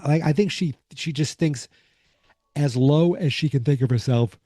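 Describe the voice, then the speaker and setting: A man's voice: mid-range voice, a little slow, warm tone, no echo, studio quality. A man hosting a podcast, recapping an episode in a rambling, casual way with many fillers while sleepy and fighting off yawns. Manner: rambling, lots of fillers and asides. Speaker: podcast host.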